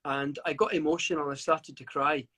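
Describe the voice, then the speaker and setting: Stammering, reflective man, high voice. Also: steady tone, normal speed, sharp tone, slightly rough. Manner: reflective, with frequent stammered restarts. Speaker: guest author. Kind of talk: interview over a live video call.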